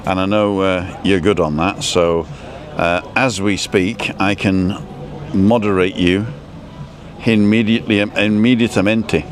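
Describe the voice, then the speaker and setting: This livestream host talks in a low, fairly even voice at a measured pace while street noise fills the background. He rambles casually, reading out comments from viewers and adjusting how his stream is set up.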